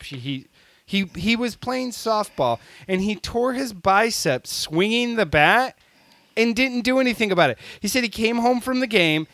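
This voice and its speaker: A man's voice: high-pitched, a bit bright, no room sound. A man co-hosting a podcast, telling a long story in casual chat, laughing often and using many fillers. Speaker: podcast co-host.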